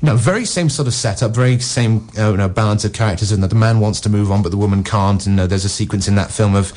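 A man with a fairly low voice reviews a film in relaxed radio chat. He wanders from point to point, dropping "you know" and "no" as he goes, and slips into characters' lines now and then. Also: quick pace. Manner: discursive, peppered with "you know" and "no"; acts out characters' lines in passing. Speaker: film critic.

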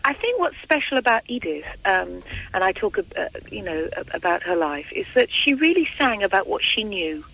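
A woman's voice: medium pitch, big pitch swings, normal speed, gravelly, fairly bright tone, low-quality recording. Enthusiastic woman singer on the phone. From England. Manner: enthusiastic, effusive. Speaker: singer and interview guest. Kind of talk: phone interview. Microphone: telephone.

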